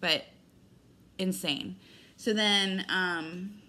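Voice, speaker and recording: A middle-aged woman talks straight to her audience in a loose, rambling personal update. Her voice sits a little low, and she slips into lively retellings of conversations as she goes. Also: very slow. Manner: rambling, candid, animated retelling with quoted dialogue. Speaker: vlogger.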